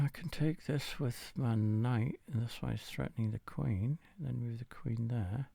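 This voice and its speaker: A man's voice: mid-range voice, normal speed, vocal fry, few pauses, warm tone, no room sound. A tired man, casually commenting while he plays a game of chess, muttering and swearing now and then. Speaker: gamer playing chess against the computer.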